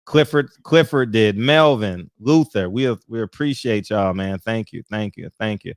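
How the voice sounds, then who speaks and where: A man in his forties co-hosting a casual chat, animated and quick to laugh. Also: no room sound. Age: 40s. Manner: animated, laughs a lot, swings high and low. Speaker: co-host.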